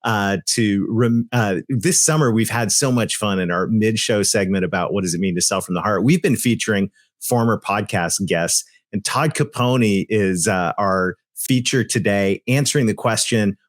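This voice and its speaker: A man's voice: on the low side, normal speed, no echo, clean studio sound. A man co-hosting a podcast, talking earnestly and emphatically with loose asides. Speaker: podcast co-host. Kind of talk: conversational podcast discussion.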